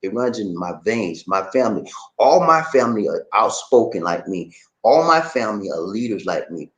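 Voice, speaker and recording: A middle-aged man hosting a casual online live chat, his pitch swinging widely as he tells stories with outspoken, laughing energy. The room is echoey. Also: normal speed, lo-fi sound. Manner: animated, laughing, outspoken storyteller. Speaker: YouTube show host.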